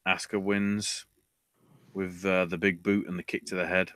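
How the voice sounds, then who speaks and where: Man, podcast host, low voice, dry close sound, casual recap, wry asides. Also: level tone, moderate pace, fairly bright tone, no echo.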